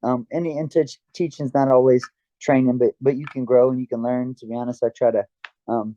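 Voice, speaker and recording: A man speaks earnestly and reflectively as an interview guest. His voice is very dark and mellow. The sound is dull and lo-fi, with a dry, close feel. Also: medium pitch, level tone, fairly quick, no room sound. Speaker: guest, karate fighter and dojo owner. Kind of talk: casual interview chat.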